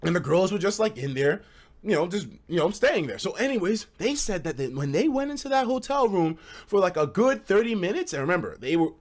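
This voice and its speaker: Lively, animated male streamer telling a story. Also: high voice, a little fast. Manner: animated, swears freely, laughs mid-sentence, acts out friends' lines. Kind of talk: casual storytime on a livestream.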